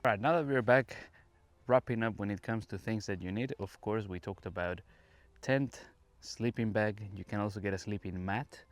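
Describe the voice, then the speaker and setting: A man's voice: on the low side, moderate pace. Chatty man from a Caribbean island. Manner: chatty, explanatory, addresses listener directly; talks while walking around. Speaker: English teacher podcast host. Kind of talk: casual podcast monologue. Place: campsite, outdoors. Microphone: phone.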